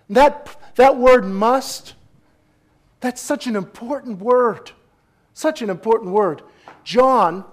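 A man delivers a sermon in a notably high voice. He preaches emphatically, climbing to forceful exclamations, then dropping to hushed asides. He keeps calling out for responses from his congregation. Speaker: pastor.

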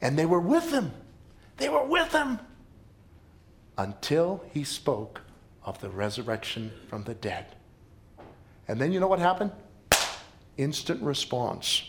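A man's voice: mid-range voice, very animated, unhurried, long pauses, slight background noise. A man preaching a sermon as a pastor, telling stories dramatically and repeating lines for emphasis. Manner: dramatic storytelling with emphatic repetition.

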